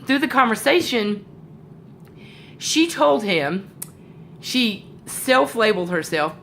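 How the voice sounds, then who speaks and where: A woman's voice: fairly high pitch, expressive, takes it slowly, long pauses, fairly bright tone, a little hiss or hum. Woman with a sore throat giving a team pep talk. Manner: rambling, many fillers and self-corrections. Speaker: sales team leader. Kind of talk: casual motivational talk to her team. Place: home.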